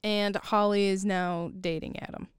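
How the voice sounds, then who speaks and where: Smooth-voiced woman recapping a movie. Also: medium pitch, unhurried, no echo, studio quality. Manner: animated storyteller, laughs often, quotes characters. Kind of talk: casual movie recap chat.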